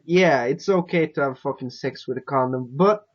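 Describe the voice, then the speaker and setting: A man's voice: mid-range voice, dull audio. A man in casual chat who speaks bluntly, swears a lot and sometimes stumbles over his words. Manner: blunt, swearing, a little halting.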